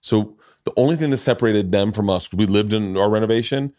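A man's voice: fairly low pitch, fast, dry recording, clean studio sound. A middle-aged man hosting a podcast who tells stories in a casual, profane way and also reads ads. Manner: animated, profane storytelling. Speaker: podcast host. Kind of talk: casual chat and ad read.

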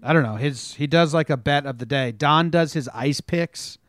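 A young man co-hosting a podcast in casual sports chat, talking in an animated, storytelling way and swearing freely. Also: fairly high pitch, moderate pace, dry recording. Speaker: podcast co-host.

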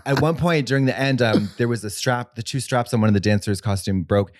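A man's voice: medium pitch, brisk, dry recording, studio quality. A man co-hosting a podcast in casual chat, rambling and swearing, with many restarts and fillers. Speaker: podcast co-host.

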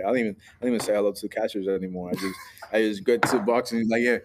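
A ballplayer from Puerto Rico, a man with a fairly low voice. He answers in a relaxed, easygoing interview manner, laughing often and restarting sentences as he goes. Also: racing. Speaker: guest ballplayer.

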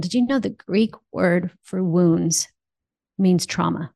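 A woman's voice: on the low side, slow pace, creaky, warm tone. A woman co-hosting a faith conversation, speaking in an emphatic, preacherly, encouraging way. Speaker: co-host. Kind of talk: faith-based podcast conversation.

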